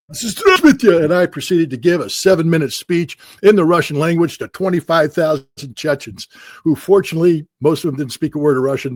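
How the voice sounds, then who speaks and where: A man's voice: medium pitch, darkish tone, dry recording. A man from the United States, an interview guest, telling wry, self-deprecating anecdotes and laughing often. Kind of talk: anecdotal storytelling.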